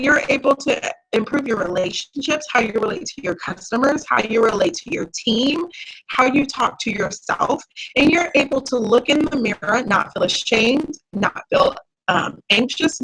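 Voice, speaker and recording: Husky-voiced woman coaching a workshop. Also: fairly high pitch, fairly bright tone, poor audio. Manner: encouraging, direct, speaks to viewers as sweetheart. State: tired, yawning. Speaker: mindset coach. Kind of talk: live workshop teaching.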